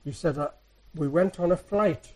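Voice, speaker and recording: A man giving a sermon, a soft-spoken, rambling storyteller who retells everyday encounters. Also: on the high side, normal speed, low-quality recording. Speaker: church speaker. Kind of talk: anecdotal sermon.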